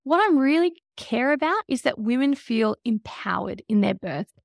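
A woman in her thirties, a podcast guest, telling her story in an emotional, animated way. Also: on the high side, moderate pace, creaky, no room sound, clean studio sound. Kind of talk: conversational interview.

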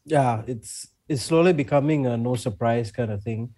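A man's voice: mid-range voice, normal speed, mellow. A man on a football panel show, giving frank, emphatic opinions on a struggling team. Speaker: football pundit.

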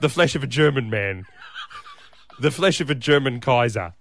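A man's voice: mid-range voice, expressive, normal speed, a bit bright, slight background noise. An Australian man co-hosting a radio breakfast show, cracking jokes and playfully mocking in banter.

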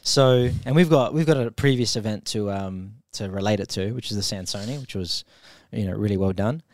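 A man's voice: lowish voice, a little fast, a little mellow, no room sound, studio quality. A man in casual conversation, agreeing often and breaking down what went wrong. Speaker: podcast co-host. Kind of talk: casual chat.

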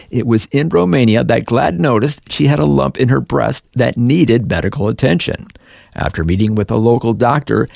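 A man hosting a radio program, introducing the story in a calm, measured way. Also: mid-range voice, vocal fry, no room sound, clean studio sound. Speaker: host.

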